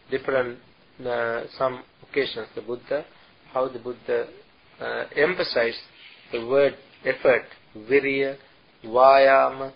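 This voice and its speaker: A man, a Buddhist monk, giving a retreat dharma talk, speaking haltingly and breaking into chanted verses. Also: medium pitch, gravelly, husky, lo-fi sound. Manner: slow, halting delivery with chanted Pali and Sanskrit verses.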